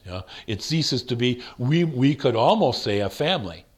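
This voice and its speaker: Man, bible study teacher, lively rising and falling pitch, mid-range voice, rhetorical questions, slows for verses. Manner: thinking aloud with fillers and rhetorical questions; slows down to stress quoted verses.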